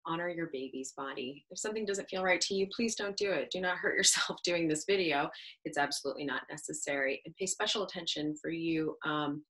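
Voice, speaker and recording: Woman, yoga instructor, baby yoga class, gentle, reassuring, chatty, bright tone. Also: deep voice, brisk, low-quality recording. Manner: chatty, with fillers and small laughs.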